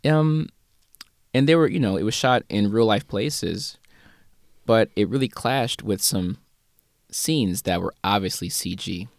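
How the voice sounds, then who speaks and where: Analytical man with a lowish voice. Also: no echo, clean studio sound. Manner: measured, analytical, uses "you know" often. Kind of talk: casual movie review chat.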